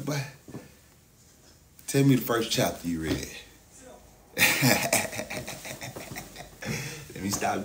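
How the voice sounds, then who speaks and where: A man's voice: low voice, gravelly, a little hiss or hum. A young man in casual livestream chat, boastful and hyped, talking to his chat with constant filler phrases. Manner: boastful, hype talk with constant "you know what I'm saying" fillers.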